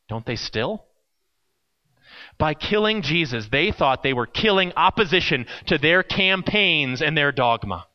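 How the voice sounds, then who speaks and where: A man preaching a sermon, telling a story with acted quotes and dramatic pauses. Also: mid-range voice, lo-fi sound. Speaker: pastor.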